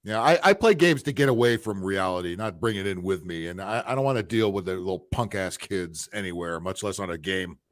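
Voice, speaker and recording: A man's voice: low-pitched, fairly quick, hardly any pauses, dry recording, studio quality. A middle-aged man, a gamer guest on a casual livestream, grumbling and profane. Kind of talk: casual stream chat.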